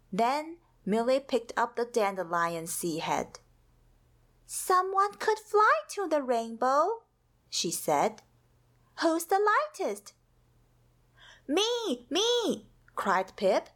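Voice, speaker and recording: A woman reads a children's storybook aloud in a soothing, expressive manner. Her voice sits a little high and moves in lively, wide swings, taken at a slow, careful pace. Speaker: storybook reader.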